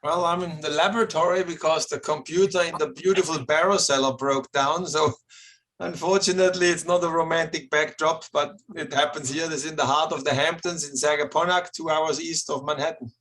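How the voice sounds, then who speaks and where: Man, winemaker, emphatic, video call from a lab, slightly high voice. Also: steady tone, fairly quick, a bit bright. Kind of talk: casual guest talk. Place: winery laboratory.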